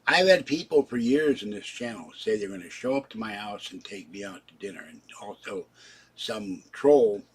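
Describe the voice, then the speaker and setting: Husky-voiced man in his seventies, rambling. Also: on the low side, expressive, moderate pace. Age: 70s. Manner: rambling, wandering from topic to topic; chatty, talks straight to viewers. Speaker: channel host. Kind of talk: casual live-stream chat.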